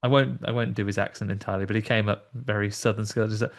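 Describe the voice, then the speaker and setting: A man hosting a horror podcast, telling stories in lively casual chat and acting out the voices of the people in them. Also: fairly low pitch, quick pace, vocal fry, few pauses. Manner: animated storytelling, acts out voices. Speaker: podcast host.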